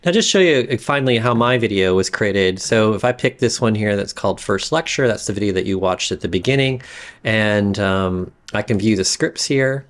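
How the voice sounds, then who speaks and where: A man giving a casual screen-recorded software tutorial, rambling with frequent fillers and restarts. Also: fairly low pitch, moderate pace. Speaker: instructor demonstrating software.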